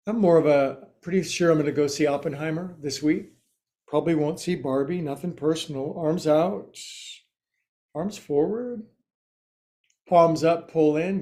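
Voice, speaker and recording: Brief: male yoga teacher, slightly high voice, unhurried, jokey asides between cues. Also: a little mellow. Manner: slow and joking, with quirky asides. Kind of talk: guiding a yoga class.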